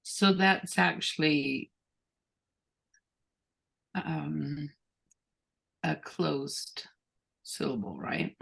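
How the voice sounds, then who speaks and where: A woman's voice: sits low, extremely slow, vocal fry, pauses often, a bit bright, breathy edge, low-quality recording. A woman student in a language lesson, thinking aloud hesitantly and asking questions. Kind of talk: tutoring session.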